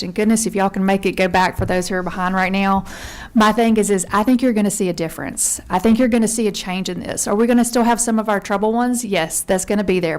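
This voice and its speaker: A woman from Georgia giving earnest, conversational testimony before a legislative committee as a member service consultant. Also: medium pitch. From Georgia, USA. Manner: earnest, conversational, says y'all.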